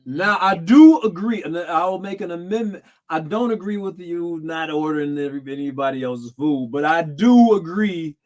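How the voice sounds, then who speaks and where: Laughing high-pitched man. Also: moderate pace, hardly any pauses. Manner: laughs often, animated storytelling, slangy. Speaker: podcast co-host. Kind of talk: casual chat.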